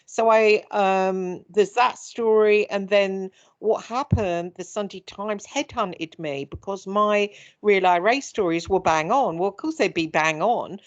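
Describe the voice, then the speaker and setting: A middle-aged woman from England, hosting a casual chat and telling her own story in an animated way, acting out what others said. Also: mid-range voice, a little slow, few pauses, highs cut off. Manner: animated storyteller who acts out quoted speech.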